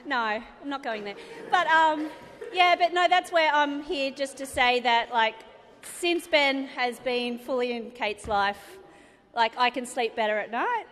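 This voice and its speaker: Aussie woman rambling through a wedding speech, high voice, laughs a lot, hall reverb. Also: a little slow, a bit bright. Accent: Australian. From Australia. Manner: chatty, rambling, laughs often. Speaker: bride's sister giving a wedding speech. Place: wedding reception venue.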